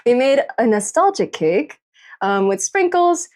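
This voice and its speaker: A woman streamer winding down a long late-night stream, tired and a little tipsy. She rambles casually, swears freely and keeps breaking into giggles. Her voice sits fairly high and bounces all over the place. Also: very animated, unhurried, darkish tone. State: tired and tipsy after drinking. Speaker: livestreamer.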